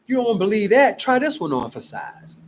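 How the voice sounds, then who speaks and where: A man from Cleveland, Ohio, giving an emphatic, exasperated casual pitch about gold and prices. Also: moderate pace, slight background noise, low-quality recording. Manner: emphatic, exasperated, animated preaching. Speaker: gold promoter. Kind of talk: casual selling pitch to camera.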